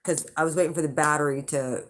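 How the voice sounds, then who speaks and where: This intuitive reader, who hosts her own channel, has a deep, steady voice and talks quickly. She tells her viewers a loose, meandering story, cursing and chuckling as she goes.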